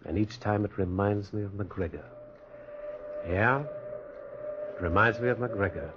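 A man's voice: on the low side, takes it slowly, background noise. An actor playing a lonely man haunted by memories who narrates his own story in 1940s radio acting. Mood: brooding. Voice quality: husky, expressive storytelling. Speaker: narrator and lead character. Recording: dull lo-fi old radio recording.

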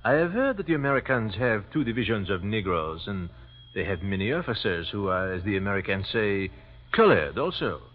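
A gracious French artillery officer speaks formal, careful English with a French accent and a lively, wide-ranging pitch. It sounds like a vintage radio play, dull and lo-fi. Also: male voice, a little fast. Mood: grave. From France. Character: courteous French artillery captain, reflective. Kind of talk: 1940s radio acting. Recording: dull old radio recording.

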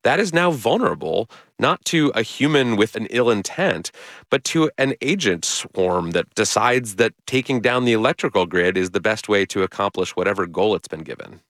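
A middle-aged man speaks in a radio interview with a low voice, recorded dry and close in a studio. He explains his points in a measured, earnest way, like a journalist laying out his reporting. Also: lively intonation, fairly bright tone, dry recording. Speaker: journalist and author, interview guest.

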